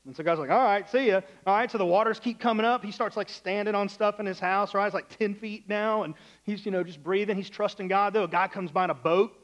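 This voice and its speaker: A high-voiced man preaches a sermon in a loose, conversational way, acting out the characters in his illustrations. The sound is a bit dull and lo-fi. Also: steady tone, fast, hardly any pauses, a bit bright. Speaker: pastor.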